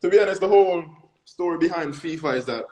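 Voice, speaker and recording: A man's voice: on the high side, quick pace, a little mellow, low-quality recording. A young Jamaican man answering interview questions in an earnest, reflective way. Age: young adult. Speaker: guest athlete.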